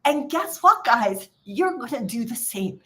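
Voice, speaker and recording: A woman's voice: on the high side, big pitch swings, a little slow, bright, forceful tone. A woman trading coach talking to her viewers on a live stream. She laughs often, swears casually and tells a story. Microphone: streaming microphone.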